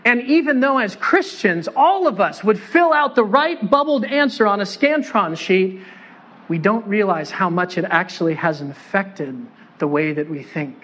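A man's voice: high-pitched, expressive, moderate pace, fairly bright tone. A pastor preaching a sermon in a church, conversational and joking as he puts questions to the congregation.

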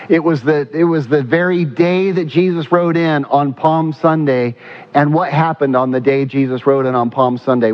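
A male pastor preaching a sermon. He asks the congregation questions, answers them himself, and slows down to stress key points. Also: medium pitch, dull audio. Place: church.

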